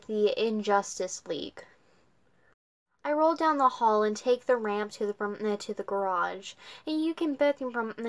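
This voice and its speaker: A woman reading a novel aloud, halting constantly with uhs, false starts and self-corrections. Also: a little high. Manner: halting, filled with uhs and restarts. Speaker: reader.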